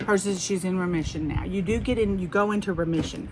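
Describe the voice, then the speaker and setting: A woman's voice: on the low side, fast, hardly any pauses, noisy background. A middle-aged woman with a Southern US accent, chatting casually and rambling through a haul video for her viewers. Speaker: haul vlogger.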